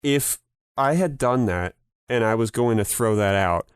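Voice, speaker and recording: A young man co-hosting a podcast, riffing on absurd bits and swearing freely. His pitch swings up and down in a lively way. The sound is dry and close, with no room echo. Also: unhurried, clear, resonant tone. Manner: swears a lot, animated riffing. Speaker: podcast co-host. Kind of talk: casual chat.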